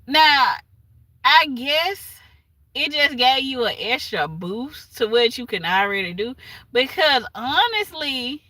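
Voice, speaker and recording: A woman's voice: on the high side, sharp tone, dry recording. A woman, rambling in a casual livestream chat and laughing often.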